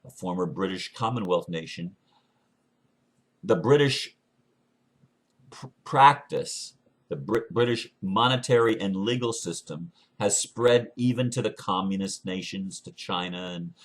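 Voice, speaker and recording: Deep-voiced man in halting monologue. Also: husky. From United States. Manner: earnest, halting, with frequent restarts. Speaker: speaker sharing beliefs. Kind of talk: unscripted monologue.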